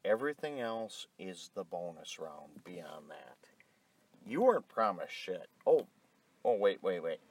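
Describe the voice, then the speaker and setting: Gravelly low-voiced man ranting outdoors. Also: sing-song, unhurried. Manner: blunt, combative, swears constantly. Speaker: vlogger. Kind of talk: profane ranting monologue. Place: outdoors beside a road with passing cars.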